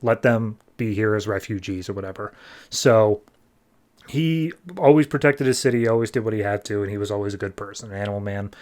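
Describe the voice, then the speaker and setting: A man's voice: fairly low pitch, a little mellow. Casual man recapping comic issues. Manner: retells scenes, quoting characters in quick acted bursts. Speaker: podcast host recapping comics.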